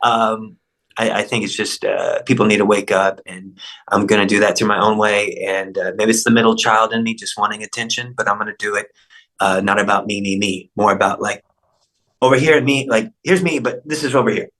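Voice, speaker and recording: Guest, low-voiced man, loose casual talk, repeats himself. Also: steady tone, brisk, a bit bright, low-quality recording. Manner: loose, swearing, repeats words. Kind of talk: casual interview chat.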